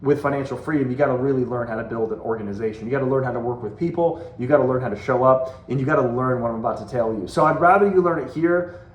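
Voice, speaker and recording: A man's voice: mid-range voice, fast, highs cut off, a little hiss or hum. A man in his forties giving a motivational talk as a sales team leader, earnest and conversational, repeating phrases for emphasis. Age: 40s. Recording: roomy echo.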